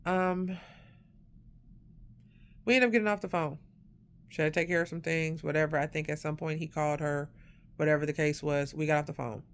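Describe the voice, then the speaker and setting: A woman telling a personal story in a casual storytime monologue, acting out the quoted voices and growing loud and sharp when indignant. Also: low-pitched, fairly even intonation, fairly quick, long pauses.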